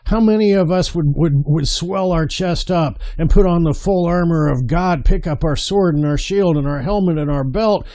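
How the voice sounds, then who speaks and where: Emphatic high-voiced preacher man. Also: warm tone. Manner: emphatic, repeats words, calls listeners brother. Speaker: men's marriage speaker. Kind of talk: impassioned sermon-style address to men.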